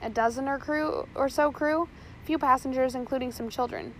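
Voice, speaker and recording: A woman reading the lines of a rough, eager male pirate sidekick in a storybook. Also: sits high, steady tone, moderate pace, slight background noise. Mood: reporting.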